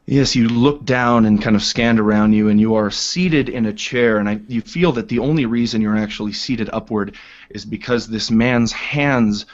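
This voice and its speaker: A man narrating a tabletop game as game master, relaxed and full of ums and uhs. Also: fairly low pitch, moderate pace. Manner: relaxed, filler-heavy narration. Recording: dull lo-fi home recording.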